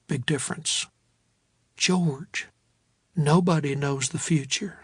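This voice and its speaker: A man reading a novel as an audiobook, steady storytelling that voices each character's dialogue. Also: a little high, measured pace, breathy edge, no room sound, clean studio sound. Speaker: audiobook narrator.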